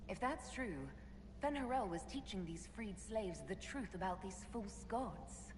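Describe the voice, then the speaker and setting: An actress voicing a thoughtful woman leader in a video game, speaking in a measured way. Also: medium pitch, expressive, noisy background, close to an everyday voice. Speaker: player character. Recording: echoey game audio with ambience.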